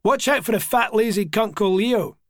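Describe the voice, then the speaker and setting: A man's voice: sits high, fast talker, no echo, studio quality. A man putting on a cheery, crude Glaswegian builder. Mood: yelling. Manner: blunt, swearing, good-humoured.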